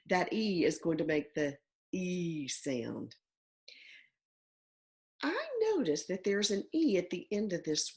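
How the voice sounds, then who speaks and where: A woman teacher giving a phonics lesson to young children from home, slow and deliberate, stretching out sounds and words. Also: on the low side.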